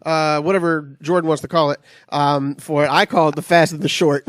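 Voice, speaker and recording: A man co-hosting a casual podcast, talking in a loose, rambling way full of fillers and restarts. His voice sits a little high for a man. The sound is dry and close, with no room echo. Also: steady tone, fairly quick, a bit bright. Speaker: co-host.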